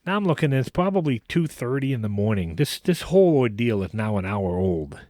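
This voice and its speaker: A man hosting a podcast, casually telling a long anecdote in an animated way, with frequent restarts. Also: medium pitch, brisk, no echo, studio quality. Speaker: podcast host. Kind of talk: casual storytelling.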